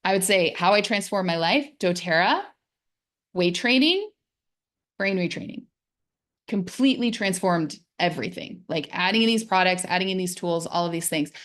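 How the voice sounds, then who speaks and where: A middle-aged woman, a wellness coach, giving a casual, gentle and encouraging talk about pain, sometimes dropping into soft, soothing self-talk. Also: lowish voice, expressive, normal speed. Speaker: physical therapist and wellness coach.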